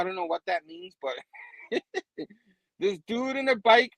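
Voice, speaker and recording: A man casually recapping a comic book, laughing often and acting out the characters in quick voices. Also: high voice, lively intonation, a bit bright, no room sound, rough recording.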